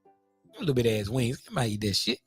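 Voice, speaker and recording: A man hosts his own podcast in a casual monologue, rambling and swearing freely while he invites guests. His mid-range voice is brisk with a breathy edge, and soft music plays in the background. He stays animated throughout.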